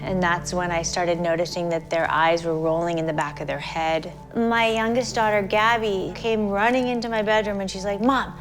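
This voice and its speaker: A woman's voice: lowish voice, fairly even intonation, moderate pace, few pauses. Hesitant middle-aged woman over music. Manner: hesitant, with many fillers. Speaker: mother of the interviewee. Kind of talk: interview recollection.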